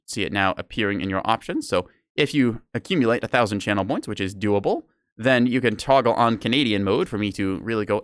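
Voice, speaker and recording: Male streamer, lower voice, animated and rambling, self-deprecating banter with chat, dry sound. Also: brisk, hardly any pauses, no echo. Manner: rambling, playful and self-mocking, talks to chat. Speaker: game streamer. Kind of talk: casual live gameplay commentary.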